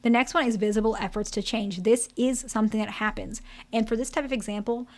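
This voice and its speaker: A woman's voice: a little high, fairly even intonation, quick pace. A candid therapist woman explaining things. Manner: conversational, checks in with "okay?" and "right?"; candid, direct. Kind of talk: explaining to camera.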